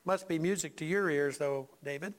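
A male pastor preaching a sermon in a church, folksy and animated, talking to the congregation with asides and questions. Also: fairly high pitch, moderate pace.

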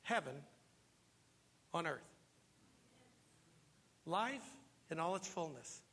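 A man preaching a sermon as pastor, telling stories with lively acted-out voices. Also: on the high side, slow, vocal fry, slightly rough. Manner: animated storytelling, acts out voices. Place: church. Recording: long reverb of a large hall.

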